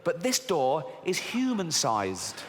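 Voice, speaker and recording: Animated English comedian on a stage. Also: male voice, slow pace, slight background noise. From Britain. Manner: animated, mocking, swings into shrill put-on voices. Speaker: stand-up comedian. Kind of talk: stand-up comedy routine. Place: large theatre stage. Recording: live stage hall with faint crowd ambience.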